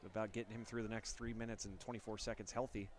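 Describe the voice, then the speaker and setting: A man with a stuffy nose and nasal voice calling high school football play-by-play, getting louder on big plays. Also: very fast, a little hiss or hum. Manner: energetic play calls, rising on big plays. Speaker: play-by-play announcer.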